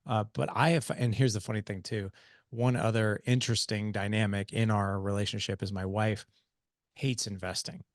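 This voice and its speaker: A man in his forties hosting a podcast interview, telling stories in an emphatic, animated way. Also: fairly low pitch, moderate pace, no room sound, studio quality. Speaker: podcast host. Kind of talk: conversational interview.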